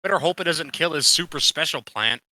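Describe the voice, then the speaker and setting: A man's voice: fairly high pitch, fairly quick, bright, forceful tone, dry recording, poor audio. A man running a tabletop game as game master, talking in a casual, profane, playful way.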